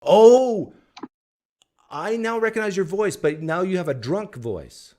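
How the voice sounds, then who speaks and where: A male host running a live Q&A stream, his pitch swinging widely as he talks. He is teasing and animated with his callers, in a casual chat style. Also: normal speed, slight background noise. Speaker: livestream host.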